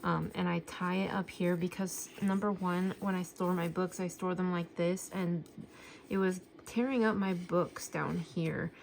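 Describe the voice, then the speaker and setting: A woman with a gravelly fry in her voice, chatting casually as she pages through a sticker book. She sounds a little out of breath and fills her talk with "um"s. A faint hiss sits under her voice. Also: fairly low pitch, fairly even intonation, a little slow, darkish tone. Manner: chatty, with frequent "um" fillers. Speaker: planner vlogger.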